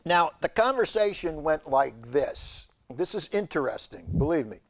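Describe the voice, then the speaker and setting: A man hosting a community TV show, telling a rambling comic monologue in a halting deadpan way with many fillers. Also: fairly high pitch, gravelly. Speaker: show host. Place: community TV studio.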